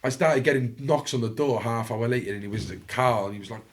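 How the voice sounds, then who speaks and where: A man's voice: medium pitch, fairly quick. A man from Wales with a Cardiff accent, a podcast guest telling a story in blunt casual talk full of swearing, acting out what other people said. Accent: Welsh, Cardiff.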